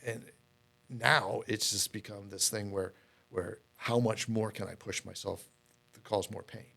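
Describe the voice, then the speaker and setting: A middle-aged man with a low, gravelly voice, speaking as an interview guest. He tells his story candidly and loosely, restarting sentences and repeating words as he goes. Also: fairly even intonation, measured pace, sharp tone. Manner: rambling, repeats words, many fillers. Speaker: podcast guest.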